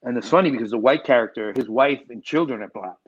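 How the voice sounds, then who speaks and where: Here a male filmmaker guest chats loosely in an interview, telling animated, meandering stories full of restarts. His mid-range voice moves fast, and the audio has its highs cut off.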